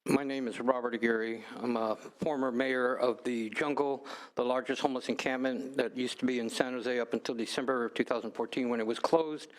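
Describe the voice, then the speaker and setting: A man's voice: medium pitch, steady tone, fairly quick, few pauses, low-quality recording. A man giving a short, plain public comment at a legislative hearing as a homeless advocate. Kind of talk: brief public testimony at a hearing.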